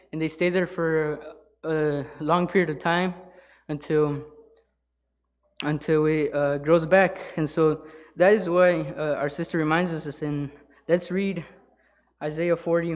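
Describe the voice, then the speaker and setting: A man with a somewhat high voice for a male stands at the pulpit of a church sanctuary, giving a casual sermon as a lay speaker. His delivery is halting, full of fillers, pauses and sentences begun again.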